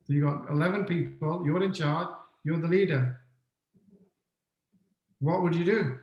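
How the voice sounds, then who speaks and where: Male webinar speaker, fairly high voice, interactive lecturer who repeats key points; echoey room. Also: measured pace, lo-fi sound. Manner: questions the audience often, repeats key points.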